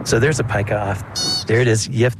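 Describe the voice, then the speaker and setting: A man naturalist chatting outdoors on a mountain trail, relaxed and enthusiastic as he points out birds and animals. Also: fairly low pitch, moderate pace, music in the background. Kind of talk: casual outdoor field chat. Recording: wind noise outdoors.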